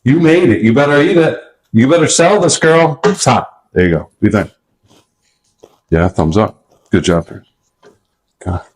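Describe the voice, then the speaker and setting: A man, a dad, hosting a casual family cooking show in a home kitchen with playful hype-man patter and shout-outs. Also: medium pitch, lively intonation, moderate pace, pauses often, poor audio.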